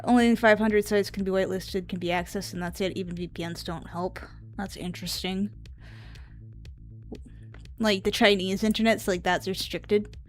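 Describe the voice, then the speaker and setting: A woman's voice: mid-range voice, steady tone, normal speed, pauses often, soft background music. Rambling woman streamer, offhand chat. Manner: rambling, offhand, drifting asides. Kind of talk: casual live-stream chat.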